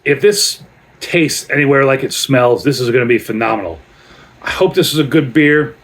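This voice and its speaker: A man's voice: mid-range voice, moderate pace, fairly bright tone. A man reviewing a beer in a casual vlog, chatty and rambling as he tells stories between sips.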